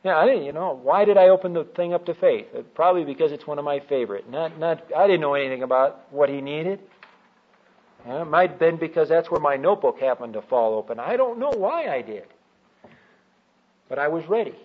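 A man's voice: a little high, animated, a little fast. A man teaching from the Bible, who asks rhetorical questions and answers them himself. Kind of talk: teaching talk. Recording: dull lo-fi recording.

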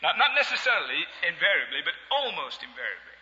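Male preacher, humorous and animated, in a reverberant hall on a dull recording. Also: a little high, fast talker. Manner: humorous, animated, chuckling asides. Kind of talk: sermon.

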